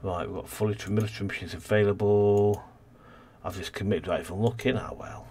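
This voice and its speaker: Husky-voiced man thinking aloud while gaming. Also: fairly low pitch, fairly even intonation, fairly quick, dark tone. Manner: rambling, thinking aloud, trails off. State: yawning, tired. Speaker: let's play host. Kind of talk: casual gameplay commentary.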